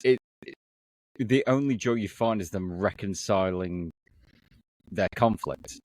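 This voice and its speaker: A man's voice: on the low side, a little slow, darkish tone. A British man co-hosting a podcast in casual chat, talking bluntly with frequent swearing and stop-start restarts. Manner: blunt, sweary, self-correcting. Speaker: podcast co-host.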